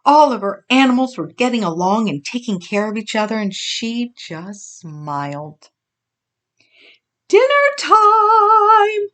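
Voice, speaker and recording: A woman reading a children's farm story aloud, expressive and gentle. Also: mid-range voice, moderate pace, hardly any pauses. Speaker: storybook reader.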